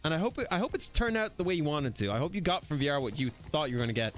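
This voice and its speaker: A man's voice: a little high, sing-song, rapid-fire, fairly bright tone, faint music behind. A man live-streaming a VR shooter, bantering with his chat in a crude, playful way. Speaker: game streamer.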